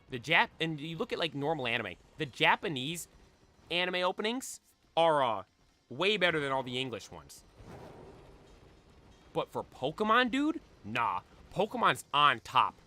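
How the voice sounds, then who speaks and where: Excitable young man, bright voice. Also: a little high, normal speed. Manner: excitable, belts out anime theme songs. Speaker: streamer. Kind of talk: casual chat while shiny hunting.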